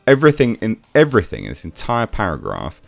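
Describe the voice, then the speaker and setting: A deep-voiced man rants sarcastically as a reviewer. His delivery is lively and swings up and down, and the sound is dry with faint music underneath. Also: fast, creaky, no room sound. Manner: sarcastic, exasperated, mocking. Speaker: YouTube reviewer. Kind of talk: ranting commentary.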